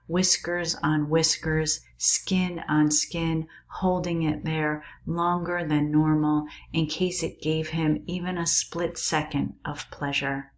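Woman reading a book out loud, low voice, slow and even, calm. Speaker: teacher reading aloud. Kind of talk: reading a novel aloud.

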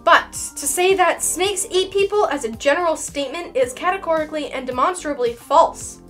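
A Canadian woman, a reptile educator who hosts her own channel, explains science in an educational video. Her high voice moves at a normal pace, lively, playful and sarcastic, with dramatic emphasis. Faint music sits behind her.

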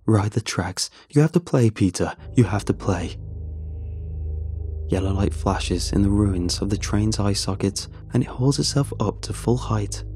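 A man narrating a first-person horror story in a measured, tense way. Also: low-pitched, darkish tone.

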